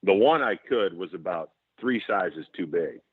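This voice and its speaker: A man from Saint Paul, Minnesota, a former football center, telling animated stories with laughs and restarts. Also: low-pitched, unhurried, husky, no room sound. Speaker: former NFL center, guest. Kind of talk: casual storytelling. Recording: tinny phone-like line, dry.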